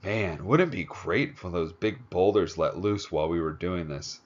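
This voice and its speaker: A man voicing an eager adult male sound technician who talks excitedly. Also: low voice, normal speed, highs cut off.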